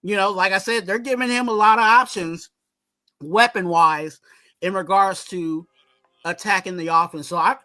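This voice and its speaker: A man in casual sports talk, excited and repeating "you know what I'm saying" as he breaks down his team's offense. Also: sits high, normal speed, dry recording. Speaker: podcast co-host.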